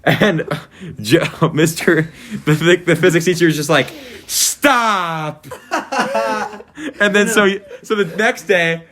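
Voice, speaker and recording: A man's voice: fairly high pitch, slow pace, a bit bright. A teenage boy hosting a casual chat with school friends, telling rambling stories with swearing and mimicked voices. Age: teens. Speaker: podcast host.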